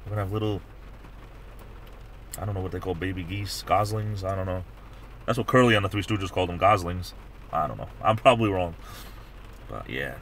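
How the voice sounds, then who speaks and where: Low-pitched but fairly bright, a middle-aged man talks fairly quickly on his livestream, pausing often as he rambles casually and restarts repeatedly. The audio has a little hiss or hum.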